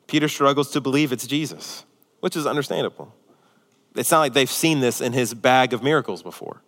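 A male pastor preaching a sermon, swinging from emphatic peaks to hushed, near-whispered passages and asking rhetorical questions. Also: mid-range voice, fairly quick, in a large hall.

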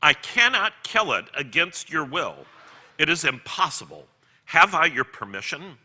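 Calm commanding angel figure, man's reading voice, crisp bright tone, unhurried. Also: fairly high pitch, voice pushed up, exaggerated voice. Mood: firm.

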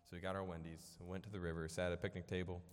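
A man's voice: deep voice, flat delivery, very fast, clear, resonant tone. A young man from Illinois giving a storytelling sermon in a church hall, casual and rambling with lots of fillers and self-deprecating jokes. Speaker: preacher. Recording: echoey hall with long reverb.

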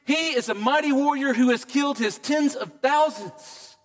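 Man as a self-satisfied warrior king, proud and boastful, pitched high. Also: moderate pace, in a large hall.

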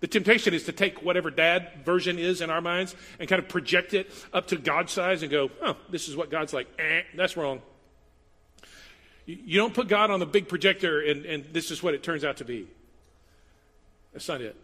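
A man preaching a sermon as pastor, animated, moving from loud emphatic passages to quiet asides. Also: fairly high pitch, normal speed. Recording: long hall reverb.

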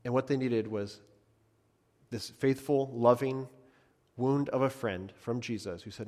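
Pastor guy preaching, earnest, repeats stuff, loud then soft, big echoey church hall. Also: mid-range voice, measured pace, pauses often. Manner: earnest, varies loudness for emphasis, repeats phrases. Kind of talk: sermon.

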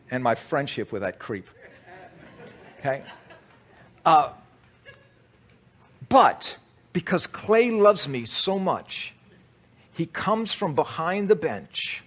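Man, lively sermon delivery, higher pitch, chatty asides. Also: takes it slowly, long pauses, husky. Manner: animated, conversational teaching with audience asides. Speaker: pastor.

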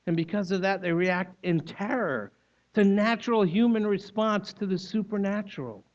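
A man's voice: high voice, a little mellow. A man preaching a sermon, explaining scripture in a teaching manner with emphatic repetition. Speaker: pastor. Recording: dull lo-fi recording.

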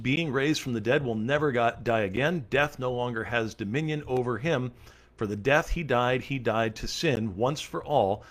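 A male pastor leading a Bible study, reading scripture aloud and then explaining it earnestly and emphatically, with casual fillers along the way. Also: medium pitch.

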